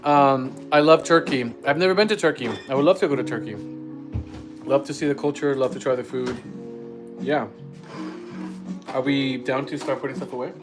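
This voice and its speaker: A man's voice: mid-range voice, moderate pace, pauses often, poor audio. A man whose first language is Spanish, co-hosting a casual live stream from a home kitchen and reading viewer comments aloud between bites. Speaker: livestream co-host. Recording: guitar music playing behind. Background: guitar music.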